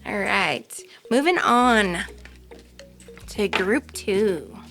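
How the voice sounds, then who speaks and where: A woman's voice: medium pitch, lively intonation, very slow, a bit bright, soft background music. A woman doing a casual pick-a-card tarot reading, chatty and rambling, with frequent ums. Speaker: tarot reader.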